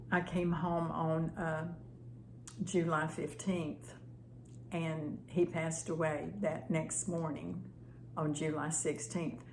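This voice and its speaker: Older woman, slow and tender, prayerful testimony, low-ish voice. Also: slight background noise. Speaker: channel host. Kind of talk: heartfelt personal testimony.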